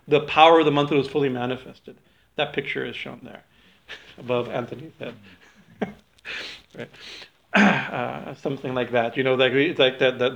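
A man teaching a small group in an informal spiritual talk, halting with many fillers and restarts. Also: fairly high pitch, fairly bright tone, highs cut off.

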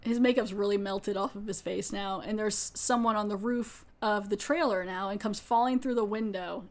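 A woman hosting a podcast, retelling an episode in a casual, animated way and acting out the characters' lines. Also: medium pitch, normal speed. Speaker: podcast host.

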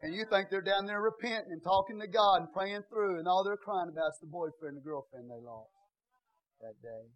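High-voiced pastor preaching with shouted peaks. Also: male voice, fairly quick, no echo, lo-fi sound. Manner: swings from low, hushed asides to loud shouted preaching. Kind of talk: sermon. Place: church.

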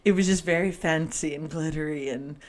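A woman co-hosting a casual movie review podcast, animated, cutting in often and laughing as she talks. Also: low-pitched, fairly quick. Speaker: podcast co-host.

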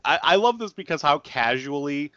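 An animated man in his thirties walks through a movie plot in casual podcast chat, his pitch jumping around as he laughs and acts out lines. His voice sounds bright and a little tense. The recording is dry and slightly dull. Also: normal speed, no room sound. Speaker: podcast co-host.

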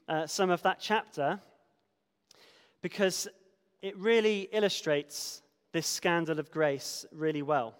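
A man preaches to his church and reads from a book with a lot of expression, letting some lines drop to a hush and pressing hard on others. His voice sits a little high. It rings out with the long reverb of a large hall. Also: slow, pauses often, clean tone. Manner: expressive reading, shifting between soft hushed lines and emphatic ones. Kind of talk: sermon with a dramatic reading from a book.

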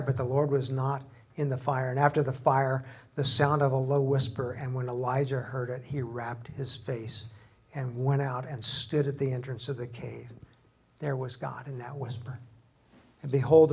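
A man preaching a sermon, a pastor who acts out the scripture he quotes with dramatic shifts in loudness. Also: mid-range voice, vocal fry, breathy edge. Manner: dramatic, voices quoted figures loudly.

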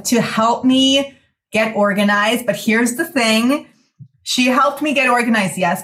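A woman hosting a podcast, introducing her guest with enthusiastic, effusive warmth. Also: medium pitch. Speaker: podcast host.

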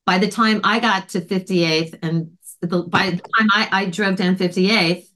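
A woman's voice: mid-range voice, measured pace. A woman podcast host in casual chat, telling a story with animation and acting out the voices of others. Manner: animated, acts out quoted voices.

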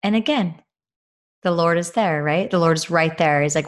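A woman's voice: lowish voice, normal speed. A woman in her thirties, a podcast co-host and mother, talking earnestly and reflectively about faith, with many fillers. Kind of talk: casual faith-based podcast talk.

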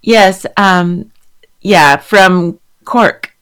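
A woman answers interview questions plainly and in a friendly way. Her voice sits at an ordinary middle pitch. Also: extremely slow, fairly bright tone, clean tone. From San Diego, United States. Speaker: guest. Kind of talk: casual interview chat.

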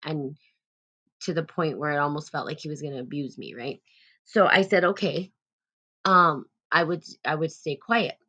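Woman, lowish voice, emotional, rambling, close to tears, reading chat comments. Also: normal speed. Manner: rambling, with frequent restarts and loud bursts. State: on the verge of tears. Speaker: live-stream host reading viewer comments. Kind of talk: emotional personal storytelling.

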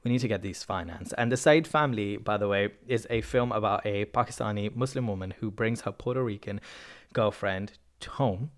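A man's voice: on the low side, a little fast. A man hosting a solo podcast, talking casually and enthusiastically about recommendations, often correcting himself mid-sentence. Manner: enthusiastic, chatty, self-correcting. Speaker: podcast host.

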